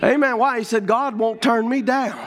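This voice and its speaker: A middle-aged man preaching with a drawl and a strikingly high voice. He builds fervently into shouted declarations before dropping back to a plainer storytelling tone. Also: fairly even intonation, normal speed. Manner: fervent, shouting, rising to proclamations. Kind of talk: revival sermon.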